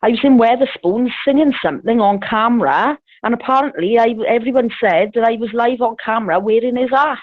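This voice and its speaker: A woman's voice: on the high side, fairly quick, few pauses, no echo. A woman telling a rambling, swear-filled story over the phone, laughing often. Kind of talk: casual storytelling chat. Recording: tinny phone line.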